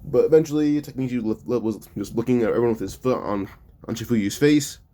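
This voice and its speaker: A man's voice: mid-range voice, fast talker, mellow. A man casually narrating a fan-made story in a loose, stumbling way, often correcting himself mid-sentence.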